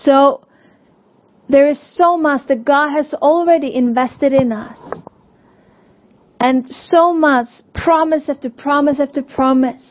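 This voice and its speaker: A woman giving an earnest sermon, telling a parable gently with small restarts. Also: high voice, a little slow. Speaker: preacher. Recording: tinny phone-like audio.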